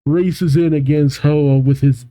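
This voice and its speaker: A man's voice: on the high side, fairly even intonation, measured pace, dark tone. A man hosting a reaction video, reading a comic aloud with amused, chatty asides.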